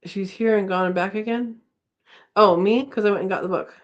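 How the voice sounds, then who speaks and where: A woman's voice: mid-range voice, brisk, highs cut off. A woman hosting a casual live chat from home, reading viewer comments aloud and laughing often. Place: home, indoors.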